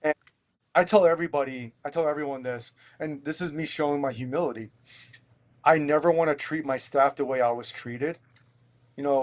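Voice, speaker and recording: Animated, fairly high-voiced man telling stories. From Pennsylvania. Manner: animated, swears freely, stumbles and repeats words. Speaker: restaurant owner, podcast guest. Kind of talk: candid conversational storytelling.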